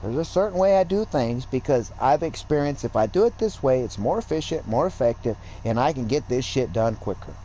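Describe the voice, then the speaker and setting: A man's voice: medium pitch, expressive, fairly quick, hardly any pauses, warm tone, a little hiss or hum, low-quality recording. A man streaming a game and talking casually, in a profane, rambling, lecturing way. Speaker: gaming streamer. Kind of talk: casual livestream rant.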